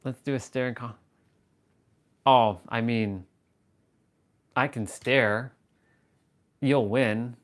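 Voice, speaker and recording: Man, livestream host, casual rambling chat, medium pitch, self-amused, talking into a tripod camera. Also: steady tone. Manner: rambling and self-amused, drops to a slow hushed intensity. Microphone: camera on tripod at eye level.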